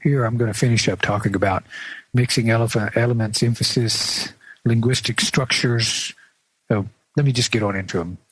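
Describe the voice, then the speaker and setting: A man talks through a lesson on a radio show in a plain, measured way, now and then restarting a phrase. His voice has a husky edge, and the sound is dry and close with no room echo. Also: medium pitch, fairly even intonation, fairly bright tone. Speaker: radio show presenter teaching. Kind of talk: instructional radio talk.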